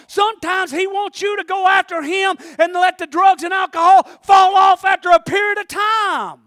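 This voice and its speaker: Fiery high-voiced preacher. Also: male voice, moderate pace, few pauses, dry recording, clean studio sound. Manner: fiery, call-and-response preaching that swings from hushed to shouting. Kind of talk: sermon.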